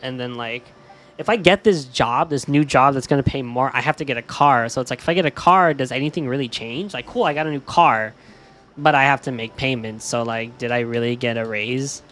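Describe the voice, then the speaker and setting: A man's voice: mid-range voice, brisk. Downcast young man streamer, swearing, mumbling. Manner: swears a lot, says "dude", often trails off quiet. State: upset and stressed. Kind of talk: casual stream chat while gaming.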